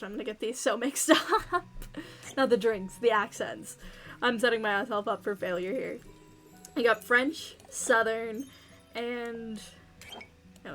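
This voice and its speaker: A woman's voice: on the high side, unhurried, pauses often, a bit bright. A woman casually commenting and reading aloud as she plays a story game, chatty and self-deprecating, over faint game music. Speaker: streamer playing a story game.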